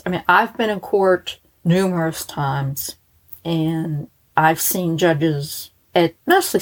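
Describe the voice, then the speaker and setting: A woman's voice: low voice, low-quality recording. Blunt, chatty American woman. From United States. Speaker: true crime storyteller. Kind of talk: casual storytelling.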